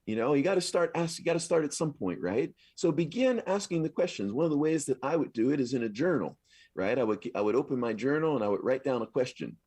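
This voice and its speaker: A man delivers a sermon in a husky voice whose pitch rises and falls with lively swings. He preaches in a chatty, affirming manner and circles back to repeat his points. The sound is dry and close, with little room echo. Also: quick pace. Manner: affirming, repetitive, conversational preaching. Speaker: minister. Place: live service at a spiritual center.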